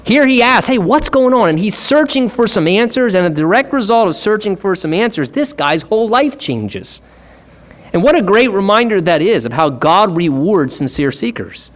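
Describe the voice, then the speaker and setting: High-voiced man preaching earnestly. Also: sing-song, normal speed, highs cut off. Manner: earnest, emphatic preaching with acted-out quotes. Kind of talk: sermon.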